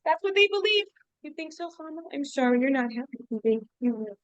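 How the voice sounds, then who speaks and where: A woman's voice: high-pitched, expressive, fairly quick, no echo, dull audio. A woman teaching an informal class, chatty and full of "like" fillers, explaining through rhetorical questions. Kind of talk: informal lesson.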